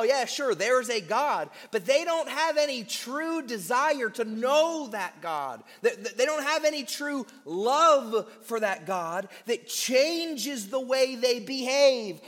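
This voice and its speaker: A man preaching a sermon to his church, emphatic and deliberate, slowing on key words with quick asides. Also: extremely high pitch, a bit bright, big-room sound. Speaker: pastor.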